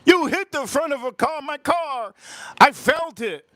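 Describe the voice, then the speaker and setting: A screeching, furious young woman driver hurls the same accusation again and again, as a man puts her on. The voice jumps far above his own and sounds shrill and a little distant. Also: big pitch swings, normal speed, no echo. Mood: shrill accusing.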